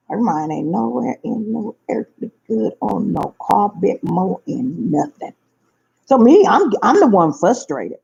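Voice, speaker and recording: A woman's voice: medium pitch, sing-song, unhurried, vocal fry, darkish tone, husky. A woman, telling a personal story to her viewers in an emphatic way that repeats her phrases. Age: 50s. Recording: dull lo-fi recording.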